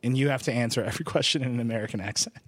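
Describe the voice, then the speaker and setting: A man's voice: mid-range voice, rapid-fire, husky. A man hosting a casual tech podcast, rambling and laughing a lot. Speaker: podcast host. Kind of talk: casual chat.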